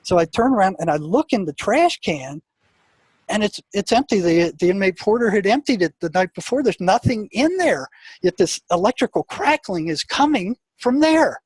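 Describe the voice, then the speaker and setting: A man, a guest in an interview, telling a story from his prison work in a casual, animated way, restarting sentences and laughing now and then. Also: sits high, moderate pace, husky, dry recording.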